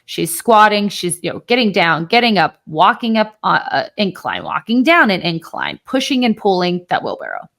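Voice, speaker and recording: A woman's voice: mid-range voice, very animated, normal speed, creaky, hardly any pauses, a bit bright. A woman co-hosting a podcast, chatting casually and emphatically about fitness, with the odd swear word. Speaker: podcast co-host.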